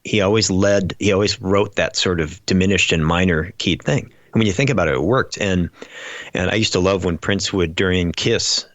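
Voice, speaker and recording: A man's voice: low-pitched, moderate pace, a bit bright, no echo, highs cut off. A man chatting casually on a podcast, rambling through stories with many fillers and restarts. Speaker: podcast guest. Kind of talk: casual chat.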